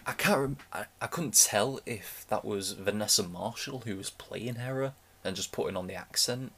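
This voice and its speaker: A man's voice: on the low side, fairly bright tone. A young man giving a casual, rambling reaction commentary, often restarting his sentences as an enthusiastic fan. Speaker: reaction video host.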